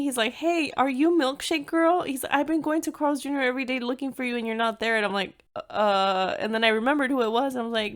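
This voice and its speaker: A young adult woman hosting her own podcast, telling a personal story in a candid, chatty monologue. Her voice sits in a middle pitch. She swears freely and mixes in Spanish phrases. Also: a bit bright. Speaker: podcast host.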